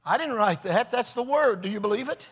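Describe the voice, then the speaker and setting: A man preaching a revival sermon, swinging between shouted, chanting phrases with an "uh" between them and low, confiding talk. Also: expressive, fairly quick, husky. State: recovering from Bell's palsy. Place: large church or revival hall. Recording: long hall reverb.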